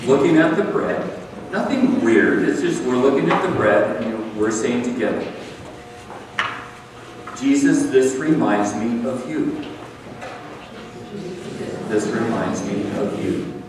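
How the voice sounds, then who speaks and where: A man's voice: mid-range voice, animated, a little slow, noisy background. A man preaching a communion sermon as pastor, earnest and conversational, with emphatic repetition. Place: church sanctuary. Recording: echoey hall, far from the mic.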